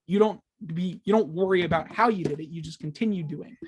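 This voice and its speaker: A man's voice: a little high, a little fast. A man co-hosting a gaming podcast in casual chat, joking around and laughing often. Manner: jokey, laughs often, slips into silly voices. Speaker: podcast co-host.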